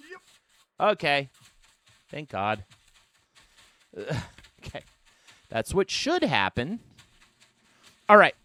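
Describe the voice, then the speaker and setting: Male streamer, unhurried, crisp clear voice, lively self-mocking commentary. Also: on the high side. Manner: animated, self-mocking banter. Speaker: game streamer. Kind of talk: live gameplay commentary.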